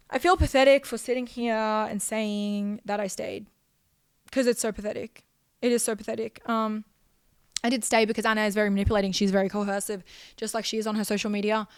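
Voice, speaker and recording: The young woman hosting this podcast recounts a personal story in an emotional, rambling way, circling back to the same phrases. Her voice is smooth and fairly high, recorded dry at studio quality.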